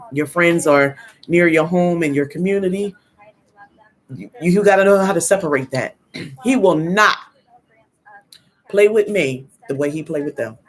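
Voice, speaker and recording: A grandmother hosts a casual live parenting talk, telling stories in a firm, no-nonsense manner and acting out quoted dialogue. Her voice is lowish and measured, with frequent pauses, and she clears her throat now and then.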